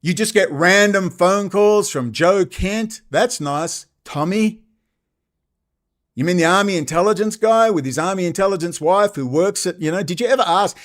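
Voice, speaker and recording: Australian man, high voice, angry profane rant, sarcastic mimicry. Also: animated, unhurried, pauses often. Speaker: channel host. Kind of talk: ranting monologue.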